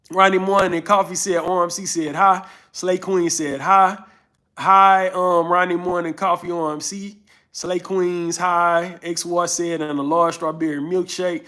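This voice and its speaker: Hosting a casual live stream, an easygoing Houston man in his thirties drawls in a northern Louisiana and Houston Southern accent. He speaks unhurriedly in a voice a bit high for a man, reading out comments and thanking his viewers often.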